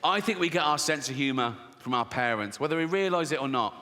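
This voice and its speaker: On a live comedy stage, a male stand-up comedian tells stories in a blunt, crude, mocking routine. His voice is on the high side, quick, lively in intonation and sharp in tone, and the venue is noisy.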